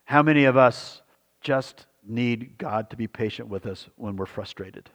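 A man's voice: medium pitch, a little slow. Earnest male pastor preaching in a hall. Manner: earnest, repetitive, asks the congregation questions. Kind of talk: sermon.

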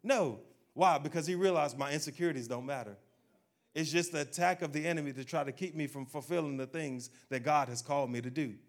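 A man preaching a sermon, speaking directly to his congregation and acting out people's doubts in a low, quiet voice. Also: a little fast. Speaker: pastor.

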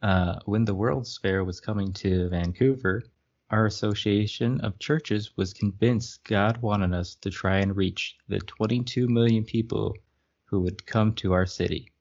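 A man's voice: lowish voice, a little slow, a little mellow. A man co-hosting a casual podcast, reading a book aloud and making wry, joking remarks about it. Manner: wry, laughs at the text. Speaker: podcast co-host. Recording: muffled lo-fi recording.

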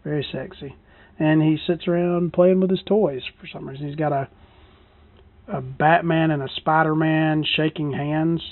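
A woman's voice: deep voice, steady tone, normal speed, no room sound. A woman hosting a casual solo podcast from her parked truck, rambling and swearing freely with self-deprecating asides. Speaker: podcast host. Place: parked truck in a parking lot. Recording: dry, tinny phone-like sound.

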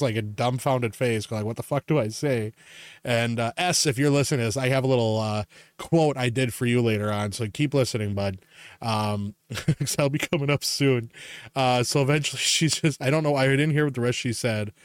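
A man's voice: mid-range voice, fairly quick, smooth, no room sound. A man hosting a podcast, telling stories in a rambling, profane way and laughing often. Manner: rambling storyteller, swears freely and laughs a lot. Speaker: podcast host. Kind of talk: casual chat.

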